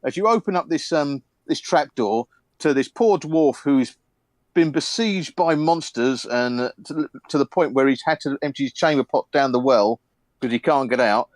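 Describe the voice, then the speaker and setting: A man serves as game master narrating a tabletop game, relaxed and rambling with plenty of fillers. His voice is medium-pitched at a normal speed, with no room sound.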